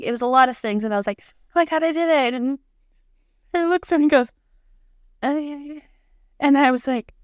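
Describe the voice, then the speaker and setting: Young woman, excitable podcast co-host, smooth voice, dry sound. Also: high-pitched, no room sound. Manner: animated, excitable storytelling. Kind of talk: casual chat.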